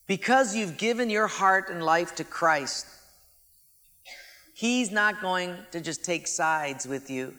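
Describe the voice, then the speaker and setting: A male preacher delivers a sermon in a high, bright voice, shifting from loud emphasis to quiet, slow lines. His voice rings with a long reverb from a large hall. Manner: dramatic, swings from loud to hushed.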